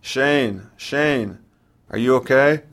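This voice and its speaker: A man's voice: mid-range voice, measured pace, a bit bright. A man voicing a distraught middle-aged mother on the phone, speaking in a tearful, pleading way. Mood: panicked.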